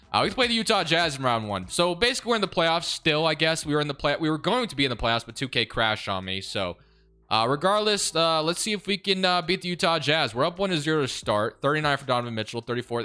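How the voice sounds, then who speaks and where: Young male gaming host, casual exasperated commentary, animated and slightly high-pitched. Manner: casual, exasperated, sarcastic about the game. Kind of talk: video game commentary.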